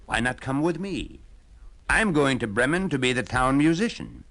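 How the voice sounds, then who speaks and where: A man's voice: medium pitch, sing-song, normal speed, fairly bright tone, voice pushed up. A man voicing a cheerful, hearty old male donkey in a storybook record. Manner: hearty and coaxing.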